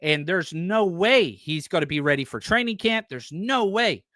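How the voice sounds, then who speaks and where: A man's voice: sits high, moderate pace, no echo, studio quality. A man hosting a live sports podcast, chatting casually and bluntly while answering viewer comments. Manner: animated, blunt, talks back to chat comments. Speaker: podcast host reading live chat.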